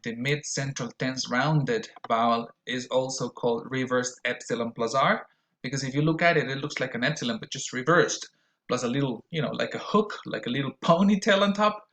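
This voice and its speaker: A man teaching an English pronunciation lesson, explaining carefully and modeling words with deliberately exaggerated vowels. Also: mid-range voice, a bit bright, poor audio. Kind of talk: recorded lesson.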